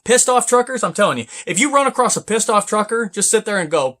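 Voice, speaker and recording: A man, a truck driver, ranting with sarcasm and heavy swearing about trucking companies, often bursting into shouts. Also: sits high, big pitch swings, fast, hardly any pauses. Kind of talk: angry ranting vlog.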